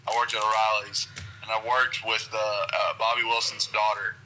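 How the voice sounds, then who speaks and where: A man's voice: on the low side, level tone, moderate pace, sharp tone, soft background music, low-quality recording. A man from Western Kentucky, a guest on a podcast, chatting casually with lots of hesitant ums.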